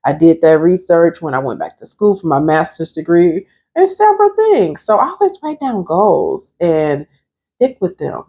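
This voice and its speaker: This woman's voice sits on the low side, dark in tone, very animated, at a normal speed. A therapist and life coach, she gives a chatty, emphatic motivational vlog talk straight to viewers, whom she calls "you all."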